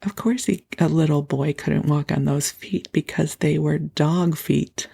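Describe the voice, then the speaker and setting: A middle-aged woman hosting a podcast, gently telling a personal story at bedtime, with soft laughs and passages that drop into a whisper. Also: deep voice, flat delivery, measured pace. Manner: gentle and breathy, laughs softly, slips into whispers. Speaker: podcast host.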